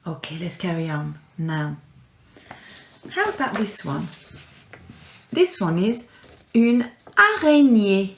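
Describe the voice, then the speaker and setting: Slow, lively woman teaching children. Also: low voice, a little hiss or hum. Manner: slow, clear, encouraging, repeats words for pupils. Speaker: primary school French teacher. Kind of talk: recorded classroom lesson for children. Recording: echoey room.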